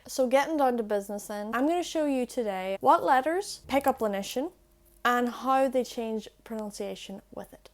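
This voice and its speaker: A woman's voice: a little high, lively intonation. Chatty young woman teaching pronunciation. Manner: chatty, self-deprecating, slows down to demonstrate sounds. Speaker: language-learning YouTuber. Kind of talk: explaining pronunciation to camera. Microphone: earphone mic plugged into a phone.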